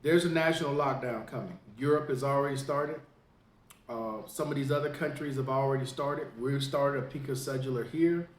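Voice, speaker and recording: A man who hosts a veterans information podcast, from the United States, giving a casual spoken update in a plain, unhurried way with many fillers. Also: mid-range voice, echoey room. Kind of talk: casual straight-to-camera update.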